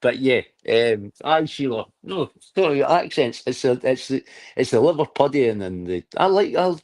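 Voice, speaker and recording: A man's voice: mid-range voice, lively intonation, moderate pace, a little mellow. Rambling sweary man. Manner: rambling, sweary, laughs often. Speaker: livestream host. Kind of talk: casual livestream chat.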